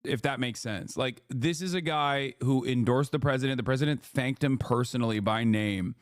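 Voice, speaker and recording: A man's voice: mid-range voice, moderate pace, dry recording. Streamer guy ranting to chat, swears a lot, dead dry sound. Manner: rambling, profane, lecturing chat. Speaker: livestream host. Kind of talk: casual streaming commentary.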